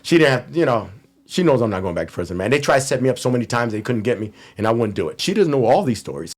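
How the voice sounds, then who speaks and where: Fast-talking, profane ex-con storyteller man. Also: medium pitch. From Miami. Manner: profane, animated storyteller who acts out the people he quotes. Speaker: interview guest, ex-cop and ex-convict. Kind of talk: candid storytelling interview.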